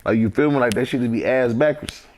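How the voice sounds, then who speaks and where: Fast-talking blunt Houston man, thirties. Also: medium pitch, a little mellow, slight background noise. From Houston, Texas. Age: 30s. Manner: blunt, profane street talk. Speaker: rapper guest. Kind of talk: casual interview chat.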